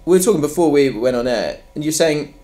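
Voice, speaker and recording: A man's voice: a little high, lively intonation, fast, mellow. A man from London hosting a casual football podcast, rambling and chatty. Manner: rambling, chatty, trailing off mid-sentence. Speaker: podcast host.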